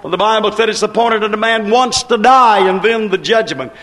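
A man preaching a sermon in a rhythmic, repetitive cadence, drawing out his stresses and rising to shouts. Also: high-pitched. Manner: preaching with slow, drawn-out stresses and shouted peaks.

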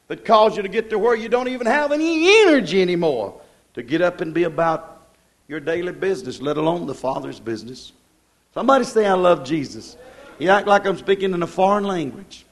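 A man's voice: high-pitched, very animated, fairly quick. A man preaching a sermon in a plainspoken, folksy way, building up with emphatic repetition.

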